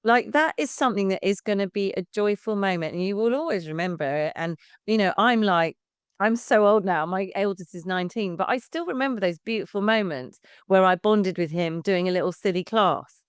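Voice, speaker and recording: A woman's voice: medium pitch, a little fast, smooth, dry recording, studio quality. A woman in her fifties, a baby music class leader, chatting frankly as a podcast guest and swearing casually. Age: 50s.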